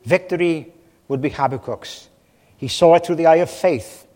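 A man's voice: a little high, normal speed, dark tone. Male preacher, from Wales, passionate sermon delivery with big dynamic swings, recorded in a reverberant hall. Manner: impassioned, swelling and dropping in volume. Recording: long reverb of a large hall.

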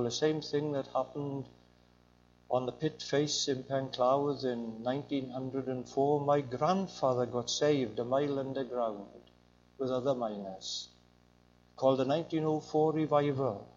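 A man's voice: medium pitch, steady tone, a little slow, a little mellow, slight background noise. An older man preaching a sermon in an emphatic, rising and falling way. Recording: dull lo-fi recording.

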